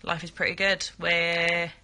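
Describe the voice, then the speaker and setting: A woman with a bright, forward voice chats casually on a phone livestream, reading out and answering fan comments. She sounds like she is indoors in a bedroom, close to the phone. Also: on the low side, level tone, a little slow. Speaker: livestream host.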